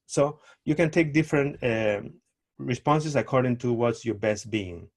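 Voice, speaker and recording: Animated man giving tango advice. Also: medium pitch, moderate pace. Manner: animated, acts out quoted lines with playful voices. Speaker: tango teacher. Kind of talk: casual advice talk.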